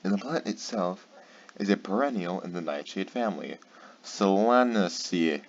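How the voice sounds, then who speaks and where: A man reads an encyclopedia entry aloud, racing loudly through the sentences with mounting exasperation. His voice sits fairly low, and the home recording sounds dull and lo-fi. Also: expressive. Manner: rapid, loud, exasperated reading. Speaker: YouTuber. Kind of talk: reading a wiki article aloud.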